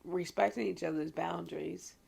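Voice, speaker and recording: A woman co-hosting a casual podcast, expressive and laughing often, with exclamations. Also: fairly low pitch, moderate pace, gravelly, husky. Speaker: podcast co-host.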